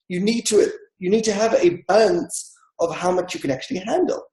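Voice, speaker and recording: A man's voice: high voice, expressive, fast, warm tone, roomy sound, poor audio. A man teaching a discussion class, explaining with everyday examples and acting out inner dialogue.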